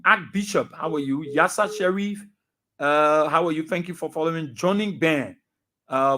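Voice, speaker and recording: A radio talk show host with a Liberian accent and a fairly high-pitched voice reads out listener names and greetings in a brisk roll call.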